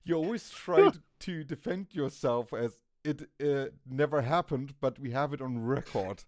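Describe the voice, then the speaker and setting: A man's voice: medium pitch, moderate pace, a little mellow, no room sound, studio quality. A man in casual stream chat, teasing a friend and stammering at the start of his lines. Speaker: stream co-host.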